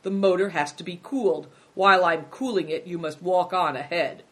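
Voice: mid-range voice, fairly even intonation, moderate pace, fairly bright tone, natural voice. Bossy, curt driver, voiced by the reader. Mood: commanding. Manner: commanding, curt. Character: brusque male truck driver.

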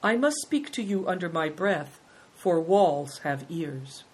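A woman's voice: on the low side, husky, full character voice, low-quality recording. A woman reading as a wise old abbot. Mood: calm kindly. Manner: calm, benign, unhurried.

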